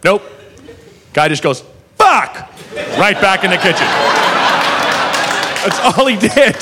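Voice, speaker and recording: A man's voice: sits high, lively intonation, a little slow. A man doing a stand-up set, telling a profane story and acting out the people in it. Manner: profane storytelling, acts out characters. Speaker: stand-up comedian. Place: comedy club stage before a laughing audience. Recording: live club recording with crowd and noise. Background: audience laughter.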